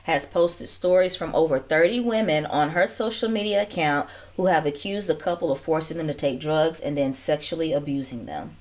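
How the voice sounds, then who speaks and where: Low-voiced gossiping podcast woman. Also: normal speed, hardly any pauses, darkish tone. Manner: gossipy, reads news items aloud with asides. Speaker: podcast co-host. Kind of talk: casual chat.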